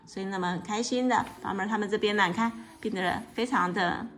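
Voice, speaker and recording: A woman reading a picture book aloud to a child, explaining the pictures in a lively way, often laughing and asking questions. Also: medium pitch, fast talker, slight background noise. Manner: lively, asks a child questions, mixes in English.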